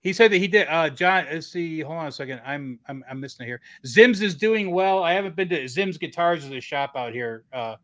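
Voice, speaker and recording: A man with a slightly high voice hosts a casual live chat, telling old workshop stories. He wanders through them, loses his thread mid-sentence, then picks it back up. When he quotes coworkers he jumps into their voices. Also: a little fast, hardly any pauses. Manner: rambling storyteller, trails off searching for words; acts out quoted lines with animated voices. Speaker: livestream host. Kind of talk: casual chat reading viewer comments.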